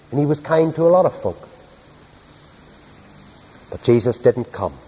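A man's voice: mid-range voice, dark tone, husky. A man preaching, telling a story in a homely, earnest way. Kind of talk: sermon storytelling. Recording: echoey hall.

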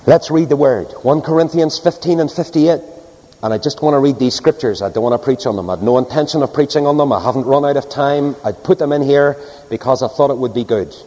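A man preaching a sermon and reading scripture, swinging between soaring high cries and low hushed drops. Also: fast. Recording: long hall reverb.

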